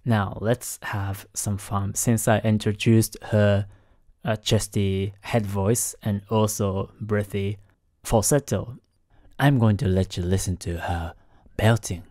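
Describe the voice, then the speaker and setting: A man hosting a lesson on singing technique, explaining in a careful, halting way and keeping his voice down because it is late at night. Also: lowish voice, steady tone, warm tone, no echo, studio quality. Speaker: host analyzing singing technique. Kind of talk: explanatory commentary.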